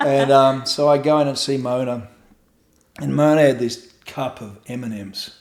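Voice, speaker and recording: A middle-aged man with a mid-range voice speaks at a moderate pace as a podcast guest, recorded in an echoey room at his home. In a candid storytelling interview, he tells a raw personal story, swearing freely and animatedly acting out what people said.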